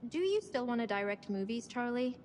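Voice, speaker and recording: A woman's voice: fairly high pitch, very animated, brisk, a little mellow. An actress playing a tentative young woman on a film crew, speaking apologetically with a British accent.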